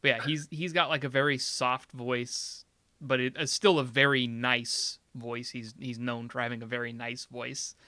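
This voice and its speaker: A young man chats casually as a podcast co-host. His voice has a bright, forward edge and is recorded close and dry, with no room sound. He talks in an animated way and laughs often. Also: medium pitch, normal speed, no echo. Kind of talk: casual chat.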